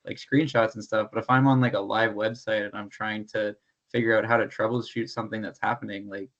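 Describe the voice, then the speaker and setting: A man's voice: on the low side, little pitch movement, fairly quick, fairly bright tone, dull audio. A man in a casual discussion, thinking aloud in a level way. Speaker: participant.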